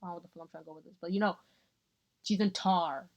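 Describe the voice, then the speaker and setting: A woman's voice: lowish voice, steady tone, racing, pauses often. A young woman vlogging, telling a rambling story casually, often losing her thread. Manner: rambling, giggly, self-interrupting. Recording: dull lo-fi sound.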